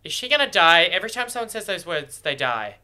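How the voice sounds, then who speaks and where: A man's voice: high-pitched, sing-song, quick pace, pushed and bright, clean tone. A man thinking aloud as he watches a film for the first time, emotional and exclaiming. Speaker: movie reactor. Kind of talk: first-watch movie reaction commentary.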